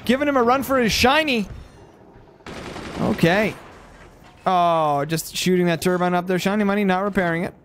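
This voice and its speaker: A man giving play-by-play commentary on a strategy game match, excitable and bursting into loud exclamations at big plays, a little stuffy from post-nasal drip. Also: high-pitched, moderate pace, pauses often, a little hiss or hum. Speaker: game caster.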